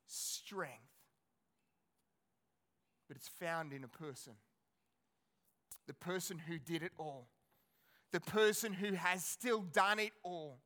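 A male pastor preaching a sermon in an animated, conversational way, asking his congregation rhetorical questions. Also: on the high side, slow, long pauses.

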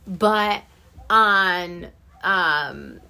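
A woman's voice: fairly low pitch, extremely slow, gravelly, bright, forceful tone. Chatty podcast co-host woman. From Eastern Washington. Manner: chatty, laughs often, promotes the show. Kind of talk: casual chat.

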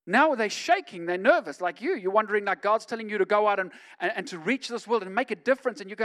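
A man, a pastor, preaching a sermon in a conversational way that swings from quiet asides to loud, emphatic stretches. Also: high voice, animated, quick pace, hardly any pauses.

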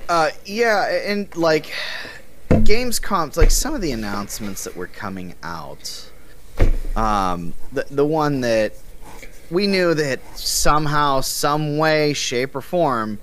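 A man's voice: a little high, big pitch swings, slow pace, fairly bright tone, slight background noise. A man co-hosting a casual gaming podcast, rambling with fillers and slipping into sarcastic put-on voices. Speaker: podcast co-host.

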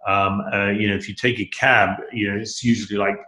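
A man's voice: on the low side, little pitch movement, a little fast, sharp tone. A middle-aged man chatting as a guest in a casual conversation, enthusiastic and rambling, with many restarts. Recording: echoey room.

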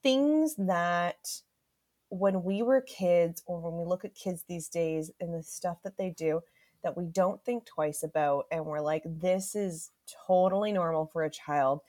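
A woman's voice: lowish voice, a little slow, dark tone. A young woman co-hosting a podcast, chatting casually and laughing often as she tells stories. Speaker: podcast co-host. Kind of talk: casual chat.

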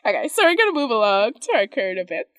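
Lively low-pitched woman podcaster. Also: quick pace, no echo. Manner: animated, laughs often, acts out her own reactions. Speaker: podcast co-host. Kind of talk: casual chat.

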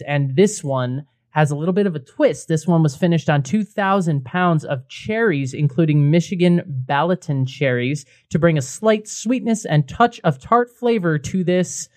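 A man co-hosting a beer podcast, chatting casually in a playful, excitable way. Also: fairly high pitch, normal speed, hardly any pauses, dry recording. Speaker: podcast co-host. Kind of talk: casual chat.

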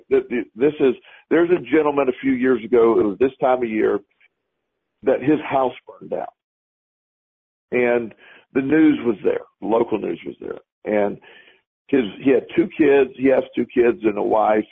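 A man's voice: medium pitch, creaky, slightly rough. A man co-hosting a podcast, telling a story in a rambling way and repeating his words as he starts sentences. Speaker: podcast co-host. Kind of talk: casual conversation, storytelling. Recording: lo-fi phone-like audio.

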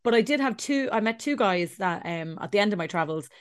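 A woman's voice: medium pitch, lively intonation, fairly quick, smooth, no echo. An Irish woman in her thirties co-hosting a podcast, chatting and telling stories, swearing freely and acting out what people said. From Ireland. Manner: chatty storyteller, swears freely, acts out quotes. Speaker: podcast co-host. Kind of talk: casual chat.

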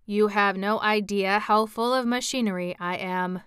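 A woman voicing a polite, formal copper clockwork man in a storybook reading, speaking in a stiff, measured way. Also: mid-range voice, a bit bright, clean tone, no room sound, clean studio sound, close to an everyday voice. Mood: earnest.

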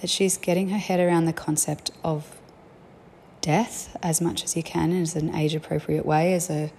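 A woman's voice: low-pitched, flat delivery, normal speed, a little mellow, a little hiss or hum. A young woman, a mother, telling candid, reflective stories about family life in a chatty way. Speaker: parent sharing family life. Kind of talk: casual storytelling.

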